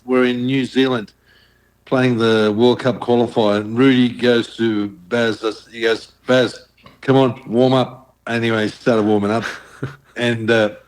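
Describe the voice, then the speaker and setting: A man's voice: medium pitch, flat delivery, unhurried. A man, a former national team footballer, telling an anecdote in casual chat and chuckling.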